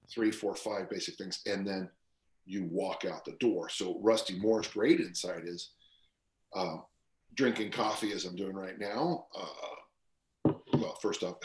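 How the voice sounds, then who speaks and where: Older guy in his 60s, very low voice, rambles thru stories, echoey room. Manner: rambling storyteller with fillers and restarts. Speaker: guest strength coach. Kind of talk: casual podcast interview. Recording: roomy echo.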